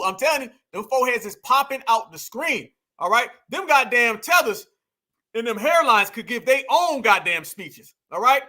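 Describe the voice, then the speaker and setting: A man's voice: very high voice, bright, forceful tone. A man giving emphatic reaction commentary on video clips, repeating himself and calling his viewers family. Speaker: political commentator.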